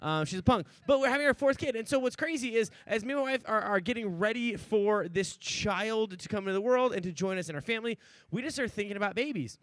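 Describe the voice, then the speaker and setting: Man, 30s, pastor, casual joking sermon delivery, higher voice, dry close sound. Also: lively intonation, quick pace, fairly bright tone, no room sound. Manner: joking, chatty, many "like"s and "right?".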